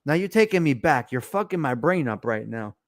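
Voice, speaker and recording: A man's voice: medium pitch, sing-song, fairly quick, dry recording, studio quality. A middle-aged man hosting a casual chat, telling stories in a blunt, profane, tough-guy way. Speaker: show host.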